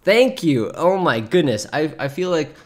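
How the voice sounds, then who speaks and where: A man's voice: fairly high pitch, animated, unhurried. A man in his thirties giving casual reaction commentary as a streamer, chatty, breaking into laughter often and reading posts aloud with asides. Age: 30s.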